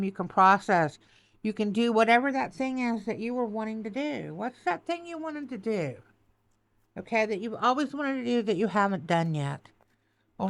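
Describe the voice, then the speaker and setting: A woman's voice: medium pitch, dry recording. A woman giving a tarot reading, choked up and tearful, repeating soothing affirmations. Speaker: tarot reader.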